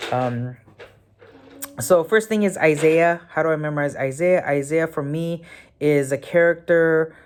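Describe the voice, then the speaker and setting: Talk as a woman with a very deep voice giving a casual spoken tutorial, thinking aloud with lots of fillers and correcting yourself as you go. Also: a little mellow, slight background noise. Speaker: memory technique tutor.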